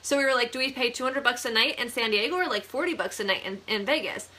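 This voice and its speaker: A young woman from the Buffalo area tells a personal story in a casual vlog. Her voice sits a little high and sounds bright. She is chatty and animated and breaks into laughter often. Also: fast talker. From Buffalo, New York area. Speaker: vlogger, real estate agent.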